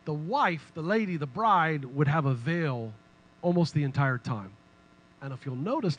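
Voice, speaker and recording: A man preaching a sermon in a casual, humorous, animated way. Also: a little high, normal speed, poor audio. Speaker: pastor.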